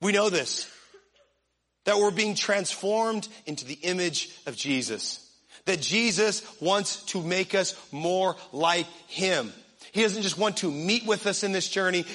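A young man preaching a sermon to a congregation, energetic and joking, acting out funny little scenes. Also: high voice. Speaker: pastor.

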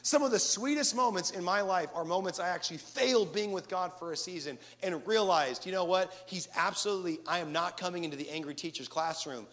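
A man preaching a sermon with animated delivery and acted-out asides. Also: sits high, fairly quick, hardly any pauses. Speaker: pastor.

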